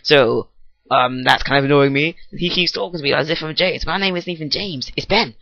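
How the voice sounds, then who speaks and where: With a fairly high, creaky voice that sounds pushed and bright, a teen boy talks fairly quickly while testing a new mic. His improvised rant is goofy and rambling, full of self-interruptions, recorded without room sound and with the highs cut off.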